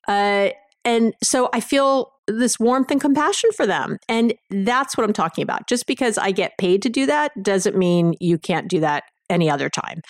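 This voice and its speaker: A woman speaking in a close, dry recording as a podcast host. She talks frankly and lively, jumping into acted examples and direct asides to her listeners. Her pitch sits in an ordinary middle range. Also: no room sound. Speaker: podcast host, relationship coach. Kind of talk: casual advice talk.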